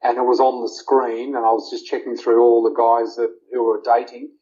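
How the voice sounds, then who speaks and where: A man's voice: medium pitch, level tone, moderate pace, warm tone. A middle-aged man, telling his personal story in an interview, emotional and rambling with fillers. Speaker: interview guest. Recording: dull lo-fi audio.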